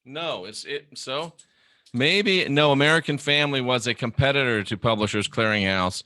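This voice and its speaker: A man's voice: medium pitch, moderate pace, pushed and bright, dry recording. A man hosting a casual livestream, musing aloud and reading viewer comments. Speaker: livestream host.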